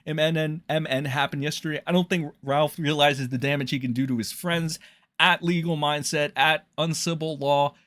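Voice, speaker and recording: A man's voice: on the high side, a bit bright, no room sound. A man ranting in a casual commentary, profane, scornful and rambling.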